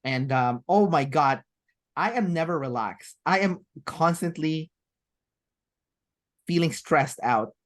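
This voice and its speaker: A woman's voice: deep voice, expressive, slow pace, pauses often. A woman as an interview guest, talking in a rambling, chatty way with many fillers and restarts. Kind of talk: casual interview chat.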